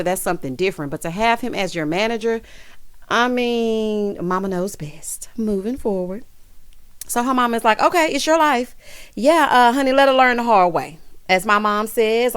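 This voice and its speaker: A middle-aged woman giving a casual reality-TV recap, sassy and teasing, calling everyone honey and child and putting on voices for quotes. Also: medium pitch. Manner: puts on voices when quoting people. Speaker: recap vlogger.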